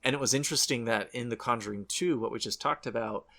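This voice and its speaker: A man's voice: mid-range voice, fast talker, gravelly, pushed and bright. A man co-hosting a horror podcast, chatting casually and rambling, correcting his own slips. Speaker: podcast co-host.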